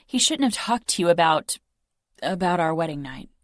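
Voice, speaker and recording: A young woman narrating a romance audiobook in first person, soft, intimate and measured. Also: on the low side, animated, no room sound, studio quality.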